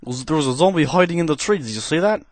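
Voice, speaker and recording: A man doing gameplay commentary in a cheesy put-on Russian accent, speaking halting, broken English into a headset. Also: on the high side, lively intonation, no echo. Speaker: gaming commentator.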